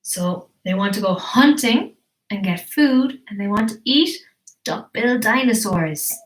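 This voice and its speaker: A woman teacher reading a picture book live to children, animated and encouraging, asking questions as she goes. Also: mid-range voice, unhurried, roomy sound. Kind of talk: live storytelling for kids.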